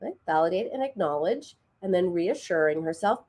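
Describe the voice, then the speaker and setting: A woman's voice: lowish voice, animated, moderate pace, few pauses, a little mellow. A middle-aged woman hosting a radio advice show, explaining patiently and acting out quoted dialogue. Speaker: radio show host and therapist.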